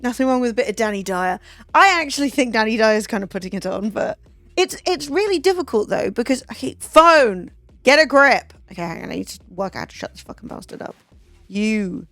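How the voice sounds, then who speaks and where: A woman's voice: fairly high pitch, very animated, fairly quick, fairly bright tone, no room sound. A young woman from England with a Southern English accent, chatting casually on her stream in a rambling way, full of "like" and the odd swear. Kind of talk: casual chat. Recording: dry close mic, faint music.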